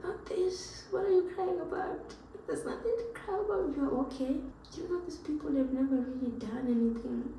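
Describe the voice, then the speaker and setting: A tearful young woman whispering urgent, soothing words to herself, recorded from a distance on a quiet clip. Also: high voice, normal speed, few pauses, heavy reverb, a little hiss or hum. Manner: hushed, urgent, self-soothing. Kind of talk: whispered self-talk.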